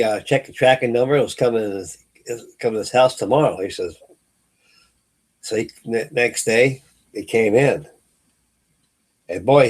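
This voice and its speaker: A man's voice: mid-range voice, a little mellow, slightly rough. A middle-aged man from California hosting a late-night live hangout stream, chatting casually and telling rambling stories full of fillers and restarts. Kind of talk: casual chat.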